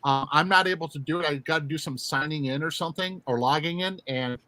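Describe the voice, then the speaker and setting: A man co-hosting a loose livestream chat, joking and rambling through plenty of fillers. His voice sits a little high and sounds bright and forward. It is recorded close and dry, with no room sound. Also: fast, no echo, low-quality recording. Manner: jokey, talks over others, rambling fillers. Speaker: co-host.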